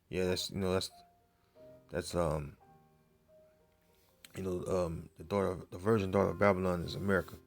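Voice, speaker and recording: A man teaching from the Bible in a casual, halting way, full of fillers, reading verses aloud more loudly and muttering to himself while he searches. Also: low-pitched, gravelly. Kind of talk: informal scripture teaching.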